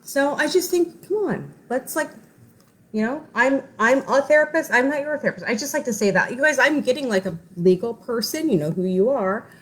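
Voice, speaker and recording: A woman's voice: fairly high pitch, lively intonation, moderate pace. Chatty, swearing woman on a live stream. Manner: chatty, self-deprecating, swears casually. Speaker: therapist hosting a live stream. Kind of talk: casual live-stream chat.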